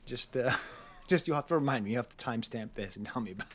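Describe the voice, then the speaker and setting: A man's voice: mid-range voice, fast talker, a bit bright, a little hiss or hum. A man hosting his own record review channel, talking casually through an album with rambling, digressive asides and frequent laughter. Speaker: music reviewer, channel host.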